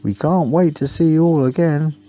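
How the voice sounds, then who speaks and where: Playful storybook ghost, put on by a man, raised pitch, welcoming. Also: normal speed, dark tone, close to an everyday voice. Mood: friendly. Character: friendly playful white ghost. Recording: dull lo-fi with faint hum.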